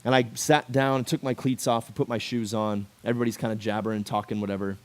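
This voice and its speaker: A man in his twenties giving a sermon to a youth group, talking in a casual and animated way and acting out quotes. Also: lowish voice, fast talker. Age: 20s. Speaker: youth pastor.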